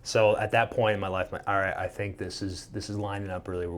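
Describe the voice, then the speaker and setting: A man with a fairly low voice tells a story in a loose, casual way. He is a podcast guest, and he gets animated, swears freely and acts out the quoted dialogue. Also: quick pace, slight background noise. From Minnesota.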